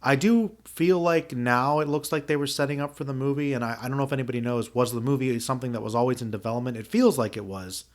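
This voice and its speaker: A man's voice: medium pitch, fast talker, few pauses. A man in his thirties hosting a podcast, giving a casual, reflective spoken review with many fillers and restarts. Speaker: podcast host.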